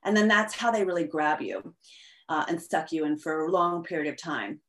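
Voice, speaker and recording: A woman speaks as an interview guest, in a slightly low voice. She explains at length in an animated way, with many fillers and restarts. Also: moderate pace. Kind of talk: conversational interview.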